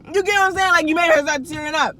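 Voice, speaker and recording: A young woman with a high voice tells a casual storytime for her channel. She talks in a loose, slangy way, restarting lines and turning to her viewers with asides. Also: quick pace, bright, forceful tone, slight background noise, rough recording. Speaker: vlogger.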